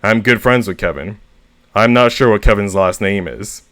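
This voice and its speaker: A man reading humorous short stories aloud with a deadpan comic delivery, as a VTuber reader. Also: fairly low pitch, normal speed, dry recording.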